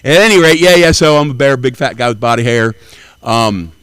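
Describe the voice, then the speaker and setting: A man's voice: medium pitch, lively intonation, fairly quick, fairly bright tone, clean tone, no echo. A man in his sixties from Tennessee, doing brash, profane stand-up at an open mic. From Nashville, Tennessee. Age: 60s. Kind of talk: stand-up comedy.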